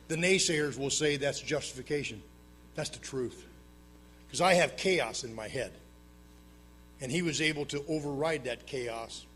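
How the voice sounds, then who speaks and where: Speaking before a live audience at a meeting, a man shares his personal recovery story. His style is plain and dry-humored, moving between loud emphatic outbursts and quiet hushed asides. A little background noise can be heard.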